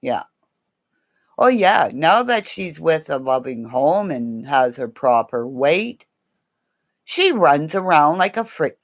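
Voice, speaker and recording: Chatty woman, slow and lively. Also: sits low. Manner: chatty, playful, laughs often. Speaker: livestream host. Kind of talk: casual livestream chat.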